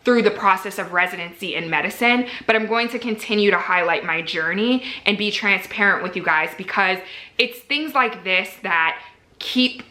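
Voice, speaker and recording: A woman's voice: medium pitch, moderate pace, sharp tone, echoey room. A woman in her twenties, a medical resident, talking casually to camera with lots of "like" fillers and a candid, earnest manner. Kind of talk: casual vlog talk to camera.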